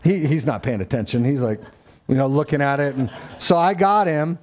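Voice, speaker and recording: A man's voice: mid-range voice, moderate pace, a little mellow. A man telling a family story in a casual, faith-tinged way, acting out the dialogue. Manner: conversational, acts out quoted dialogue, frequent fillers.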